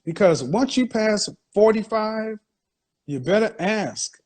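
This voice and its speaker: This man takes it slowly, his high voice animated and darkish in tone. Streaming live from a phone, he delivers a casual monologue that lectures and mocks his audience provocatively.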